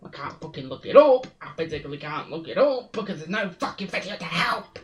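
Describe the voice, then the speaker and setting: A woman's voice: fairly low pitch, very animated, a little fast, recorded from a distance. A woman streaming a game, swearing and talking to herself in frustration as she searches for the way forward. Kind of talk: live gameplay commentary.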